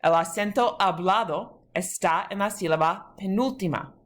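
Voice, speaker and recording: A woman teaching a Spanish lesson, explaining step by step with frequent pauses and fillers, mixing English and Spanish words. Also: mid-range voice. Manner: patient, explains step by step with many ums. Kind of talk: recorded online lesson.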